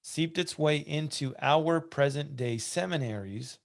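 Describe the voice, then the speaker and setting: A church podcast host reads listener questions aloud in a conversational way, adding asides and restarting sentences. His voice sits on the high side and is gravelly, and he takes his time.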